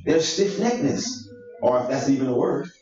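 Male elder teacher, high voice, slangy emphatic preaching, dull distant echoey recording. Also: very animated, normal speed, darkish tone, faint music behind. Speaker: church elder leading Bible study. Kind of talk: sermon-style Bible teaching. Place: church meeting room. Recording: echoey room, distant mic, dull sound.

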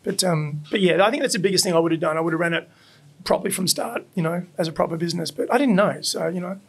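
A man's voice: high voice, quick pace, breathy edge. An Australian man who owns a burger restaurant, chatting in a casual interview, swearing freely and acting out the voices in his stories. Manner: animated storyteller, swears freely, acts out quoted voices. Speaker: burger restaurant owner, guest.

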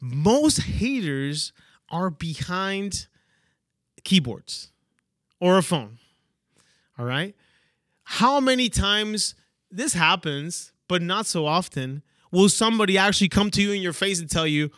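A man with a slightly raised pitch delivers a motivational talk as a podcast host. He leans into key phrases and keeps checking in with his listeners. The recording is dry and close, with no room around the voice. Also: lively intonation, slow pace, pauses often, a bit bright, dry recording. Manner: emphatic, repeats "okay?" and "right?" for emphasis. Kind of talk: motivational monologue.

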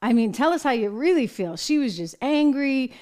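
An American woman with a slightly high voice hosts a commentary show. She talks emphatically and with animation, throwing in exasperated asides. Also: lively intonation, moderate pace, a little mellow. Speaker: show host. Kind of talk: political commentary.

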